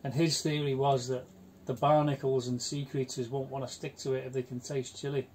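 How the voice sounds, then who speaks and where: A man, telling blunt, chatty stories in a relaxed conversation. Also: medium pitch, a little fast, a little hiss or hum. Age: 60s. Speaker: houseboat vlogger. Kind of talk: casual chat.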